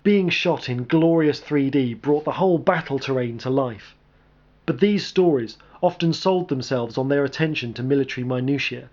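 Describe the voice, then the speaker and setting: A man reading a military action story aloud as narrator, in a steady, even delivery. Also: medium pitch, normal speed, muffled recording.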